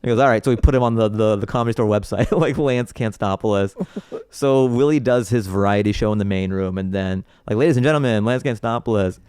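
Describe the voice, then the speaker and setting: A man's voice: lowish voice, quick pace, smooth, no echo, studio quality. A man who is a comedian guest, telling stories in casual podcast chat and laughing often. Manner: animated storyteller, laughs often.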